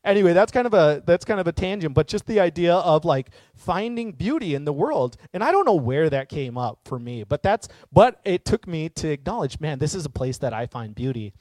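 A man's voice: fairly high pitch, big pitch swings, brisk, hardly any pauses, a little mellow, no echo. A man giving an earnest, casual reflective monologue, rambling a little with fillers and restarts.

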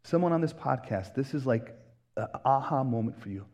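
A man's voice: mid-range voice, animated, normal speed, darkish tone. A man hosting a podcast, delivering an earnest, emphatic preaching-style monologue and acting out quoted voices. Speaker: podcast host, pastor.

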